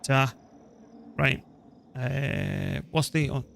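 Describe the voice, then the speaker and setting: A man's voice: medium pitch, drawn-out words, gravelly, fairly bright tone, slight background noise. A man, casually talking through a strategy game he is playing and muttering to himself as he goes. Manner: chatty, muttering to himself, mild swearing. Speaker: streamer. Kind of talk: casual gameplay commentary.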